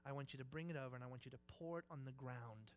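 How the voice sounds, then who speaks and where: Man doing God, hushed, grave, slow, lower than his normal high voice. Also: a little hiss or hum, natural voice. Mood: solemn hush. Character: God, a solemn all-powerful male deity.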